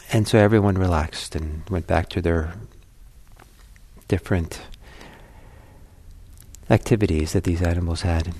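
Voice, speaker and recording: A man telling a Buddhist parable in a talk, unhurried and conversational. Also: deep voice, a little mellow. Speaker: Buddhist teacher.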